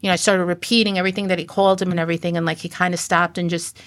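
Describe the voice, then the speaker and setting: A middle-aged woman, a podcast guest, telling a personal story in earnest, halting sentences with frequent restarts. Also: fairly low pitch, level tone, dry recording.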